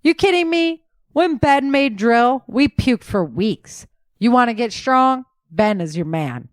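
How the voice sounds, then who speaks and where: A woman's voice: on the high side, expressive, slow pace, no echo, studio quality, voice pushed up. A woman voicing a large, teasing male soldier who jokes and flirts with his friends. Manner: playful teasing.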